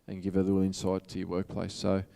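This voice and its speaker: An Australian-accented man gives a motivational public talk to an audience, casual and earnest. His fairly low voice is smooth, resonant, and warm, though monotone, and he speaks at a quick pace.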